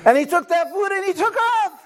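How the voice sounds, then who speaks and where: A man with a notably high voice preaching a sermon to his congregation. He calls out for amens and acts out everyday stories to make his point. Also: expressive, brisk, fairly bright tone. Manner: preaching with call-and-response amens and acted-out stories. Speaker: pastor.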